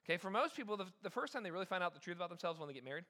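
Animated high-voiced preaching man. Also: racing, hardly any pauses. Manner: animated, conversational preaching with self-deprecating humor. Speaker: pastor. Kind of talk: sermon.

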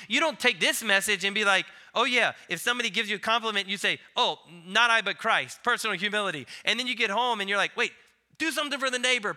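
A man in his thirties preaching a sermon, telling a family story with soft asides and loud emphatic peaks. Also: high-pitched. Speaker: pastor.

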